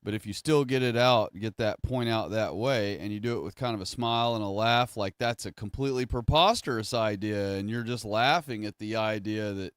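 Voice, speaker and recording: Guy streaming, rambling on, smooth voice, dry close sound. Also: on the low side, normal speed, hardly any pauses, no room sound. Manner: rambling, self-correcting, conversational. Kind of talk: casual livestream monologue.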